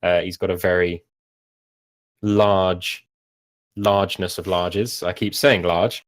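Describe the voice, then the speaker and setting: A man's voice: low-pitched, steady tone, slow pace. A man narrating as game master of a tabletop game, rambling and self-mocking with many fillers.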